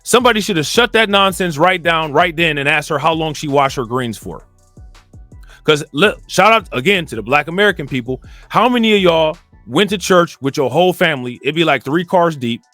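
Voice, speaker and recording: A man from Cleveland talking in a casual, rambling commentary monologue. He often repeats filler phrases and gets more animated when indignant. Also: a little high, fairly quick, no echo, faint music behind. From Cleveland, Ohio. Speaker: commentary channel host.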